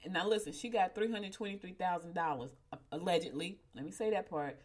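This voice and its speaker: A woman's voice: lowish voice, fast talker. Woman host, casual storyteller, talks straight to viewers, laughs through it. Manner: chatty, addresses listeners as y'all, laughs while telling. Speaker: show host.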